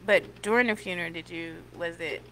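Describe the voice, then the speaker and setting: A woman in casual chat who listens closely, adding quick agreements and laughing along. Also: lowish voice, bright, forceful tone, low-quality recording.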